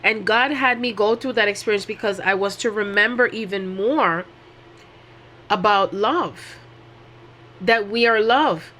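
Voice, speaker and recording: A woman's voice: medium pitch, measured pace, sharp tone, slight background noise. A woman giving a casual spiritual talk in a heartfelt, rambling way, full of fillers and restarts, with sudden jumps in her voice. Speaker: spiritual teacher.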